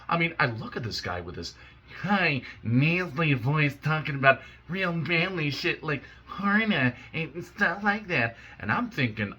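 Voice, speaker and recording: A man's voice: mid-range voice, sharp tone, breathy edge. A young man in a casual, profane, heated rant, rambling with restarts. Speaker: YouTuber ranting.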